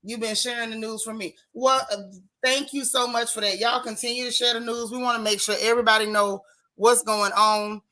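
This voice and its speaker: A woman hosting a casual livestream, greeting viewers one by one in a lively, down-home way. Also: a little high, fairly quick. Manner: lively, Southern-tinged casual talk with chat shout-outs. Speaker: livestream host.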